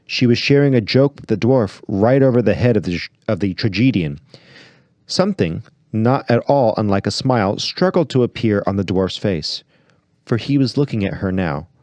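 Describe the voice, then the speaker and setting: Low-voiced man reading a book aloud. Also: a little mellow, dry recording. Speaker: podcast host.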